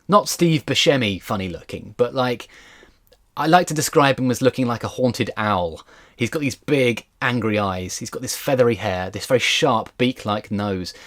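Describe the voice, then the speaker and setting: A man, a historian, giving a casual storytelling lecture in a lively, chatty way with asides. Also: mid-range voice.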